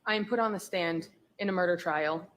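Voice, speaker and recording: A woman's voice: fairly low pitch, brisk, a bit bright, rough recording. A female police officer testifying on the stand, giving guarded, short answers. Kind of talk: courtroom testimony.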